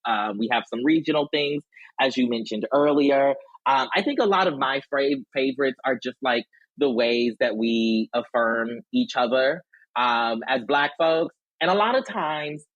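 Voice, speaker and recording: Podcast guest, husky, lively, animated, dry recording. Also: medium pitch, dry recording, muffled recording. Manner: animated, talks with hands and whole body. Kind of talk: casual podcast chat.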